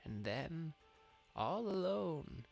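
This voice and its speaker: A man voicing a very old wise woman elder who speaks slowly in a hushed, solemn way. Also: on the high side, very animated, creaky, faint music behind, exaggerated voice.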